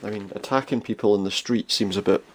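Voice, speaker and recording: A man's voice: fairly low pitch, fast, darkish tone, slight background noise. A man casually commenting on a role-playing game he is playing, chatty and thinking aloud as he goes. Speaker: gaming streamer. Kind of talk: casual let's-play commentary.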